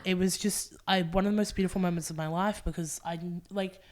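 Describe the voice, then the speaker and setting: A woman guesting on a podcast, talking in a casual, candid way with a lowish voice. She swears freely and laughs often as she tells heartfelt personal stories. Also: fairly even intonation, fairly quick. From Australia. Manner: candid, emotional storytelling, frequent swearing and laughing. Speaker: podcast guest, drag performer. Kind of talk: casual interview chat.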